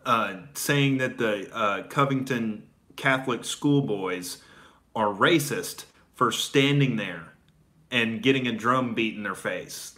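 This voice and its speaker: This man speaks at a medium pitch and a measured pace, his voice pushed and bright. He's a stand-up comedian from Oklahoma chatting casually, loose and profane, leaning on lots of filler and laughing between his stories.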